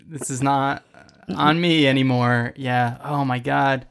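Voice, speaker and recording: A woman's voice: very deep voice, fairly even intonation, slow pace, clean tone. A woman hosting a casual chat, reacting with short comments and finishing her guest's sentences.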